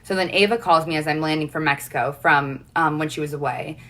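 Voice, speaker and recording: A woman's voice: sits low, brisk, fairly bright tone. A young woman livestreaming, telling an emotional personal story in a rambling way, saying "like" constantly. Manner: rambling, heavy use of "like".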